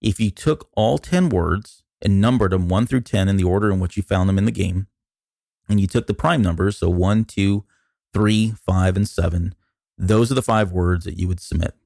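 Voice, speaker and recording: A man's voice: low-pitched, moderate pace, creaky, darkish tone, no room sound, studio quality. A man co-hosting a podcast who is losing his voice. He explains things at length with lots of restarts. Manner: explains in detail, with many restarts and fillers. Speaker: podcast co-host.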